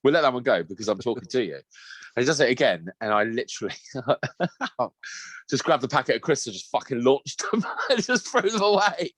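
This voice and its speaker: A man's voice: mid-range voice, fairly quick, slightly rough, no echo. A man, co-hosting a podcast, chatting casually and telling sweary, laughing stories. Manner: sweary, laughing, animated storytelling. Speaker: podcast co-host. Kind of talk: casual chat.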